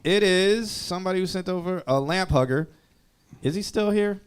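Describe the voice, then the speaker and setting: A man's voice: sits high, moderate pace, clean tone. Laid-back man hosting a music stream. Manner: laid-back, joking banter. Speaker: host of a music review stream. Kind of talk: casual chat.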